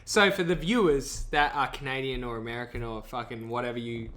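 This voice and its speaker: A man's voice: medium pitch, brisk. A man, a podcast guest telling loose, profane stories in casual chat. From Australia. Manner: animated, profane storytelling with laughs.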